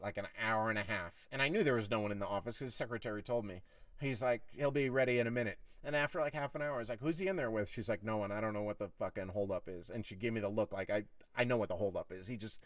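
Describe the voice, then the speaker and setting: A man's voice: fairly low pitch, no echo, far from the mic. A middle-aged man telling a long story in casual monologue, swearing freely and acting out heated arguments. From United States. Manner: profane, animated, acts out heated quotes. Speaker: podcast host.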